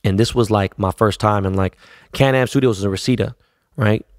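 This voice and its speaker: A man's voice: lowish voice, fairly quick, no echo, studio quality. A middle-aged man from Los Angeles, a DJ, telling a story in a loose, profane, slang-heavy way. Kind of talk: casual storytelling.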